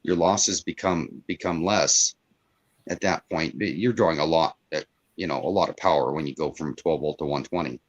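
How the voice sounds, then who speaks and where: Deep-voiced man explaining wiring. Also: normal speed, no echo, dull audio. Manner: explains wiring matter-of-factly. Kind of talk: casual chat.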